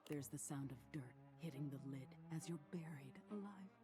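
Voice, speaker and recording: A woman voicing a soft-spoken female attic ghost who narrates in a slow, hushed, often whispered way. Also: deep voice, close to an everyday voice. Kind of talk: voiced game narration. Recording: game audio with clear music behind.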